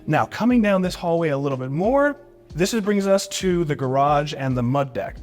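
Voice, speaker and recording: Soft music plays as a man, a real estate agent, gives a cheerful room-by-room walkthrough of a home for a vlog, praising everything and often repeating "really neat" and "beautiful." He sounds animated, with a highish, darkish voice at a moderate pace.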